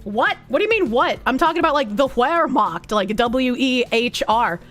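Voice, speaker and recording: High-voiced woman with a Boston accent. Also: lively intonation, a bit bright, soft background music. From United States. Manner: playful and profane, quick asides and laughs. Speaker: streamer. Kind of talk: casual chat reading viewer messages.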